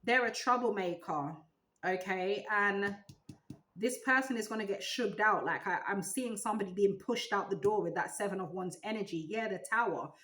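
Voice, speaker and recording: A woman giving a tarot reading, musing aloud in a loose, animated way. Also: mid-range voice, normal speed, low-quality recording. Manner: animated, musing aloud, breaks into sung gospel snippets. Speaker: tarot reader.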